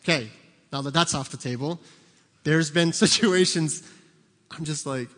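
A man preaching a sermon as a pastor, animated and acting out little scenes, sometimes shouting for emphasis. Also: fairly high pitch, a little slow. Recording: long hall reverb.

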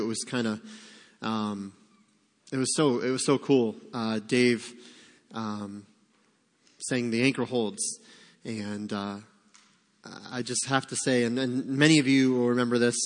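A man preaching a sermon as pastor, speaking in a heartfelt, halting way with many fillers. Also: mid-range voice, big-room sound. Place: church sanctuary.

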